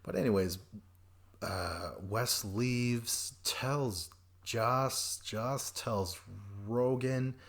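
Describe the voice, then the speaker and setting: A man hosting a podcast, recapping a reality show in a rambling, profane way and acting out quoted people in quick voices. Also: medium pitch. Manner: rambling and profane, jumps between notes. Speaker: podcast host.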